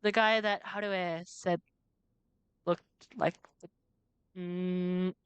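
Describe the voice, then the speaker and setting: A woman's voice: on the low side, steady tone, takes it slowly, clear, resonant tone, no echo. Dry-miked woman playing a game. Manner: chatty and giggly, swears when startled. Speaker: let's play host. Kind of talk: game commentary, reading game text aloud.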